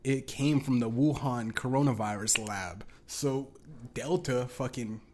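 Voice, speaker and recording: Alone on his podcast, a young man speaks at a measured pace in a medium-pitched, darkish voice. His rant is loose and profane, full of false starts and little asides he laughs through.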